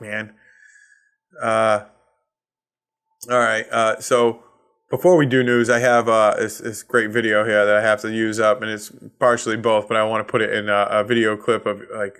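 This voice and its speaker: A man's voice: lowish voice, little pitch movement, moderate pace, a bit bright, clear, resonant tone. A man from Massachusetts with a Boston accent, hosting a solo comedy podcast and ranting with heavy swearing and sarcasm. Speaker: podcast host.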